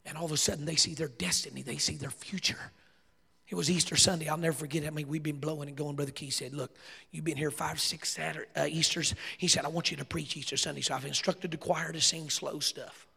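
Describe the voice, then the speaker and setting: High, gravelly Southern preacher. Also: male voice, quick pace. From American South. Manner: animated storytelling, laughing, rising to shouts. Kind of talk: sermon. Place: church sanctuary. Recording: long hall reverb.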